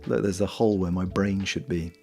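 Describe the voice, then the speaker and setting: His voice sits low, dark and creaky, with fairly even intonation and a brisk delivery. This young streamer and voice actor from Wales knits on stream while rambling jokily in a Welsh accent and swearing freely, faint lo-fi music behind him.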